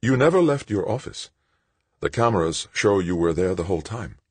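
A man voicing a cool, composed nun who speaks softly and calmly. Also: sits low, normal speed, breathy edge, dry recording, voice pushed up. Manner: soft, calm, coaxing. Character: cool, composed nun, soft-spoken woman.

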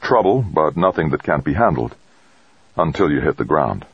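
A man's voice: extremely low pitch, moderate pace, husky, no echo, dull audio, exaggerated voice. A man voicing a stranded male astronaut who sounds tense but in control. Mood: tense, controlled. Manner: terse, calm under pressure.

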